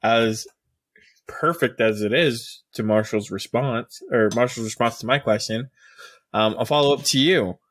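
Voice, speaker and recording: A man's voice: medium pitch, unhurried, fairly bright tone, no room sound. A man co-hosting a podcast, asking thoughtful questions with some fillers. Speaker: podcast co-host. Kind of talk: casual podcast chat.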